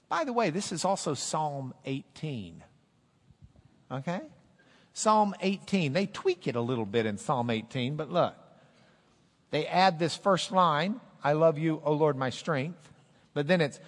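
A man preaching a sermon as pastor, rising loud and high when he quotes scripture and dropping low and quiet to explain. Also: animated, normal speed. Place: church sanctuary. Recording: echoey hall.

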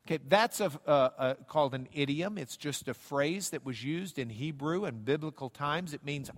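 A man's voice: on the high side, expressive, moderate pace, few pauses, big-room sound. A man teaching a Bible class in a conversational way, repeating words and adding jokey asides.

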